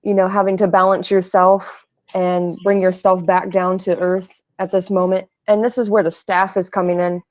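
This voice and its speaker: A woman's voice: on the low side, moderate pace. Woman giving a card reading over lo-fi audio. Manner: calm, earnest readings with fillers. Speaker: tarot card reader. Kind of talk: live-stream card reading.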